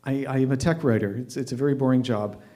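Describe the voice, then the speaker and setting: A man in his fifties with a mellow, mid-pitched voice tells a story on stage at an open mic. He is wry and deadpan, and he keeps tripping over his own restarts. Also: fast talker.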